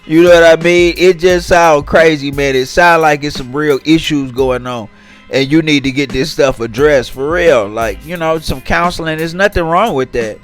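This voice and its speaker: A man's voice: a little high, normal speed. Man ranting over faint music. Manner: talks straight to viewers, reads tweets aloud and mocks them. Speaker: commentary channel host. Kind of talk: casual commentary vlog.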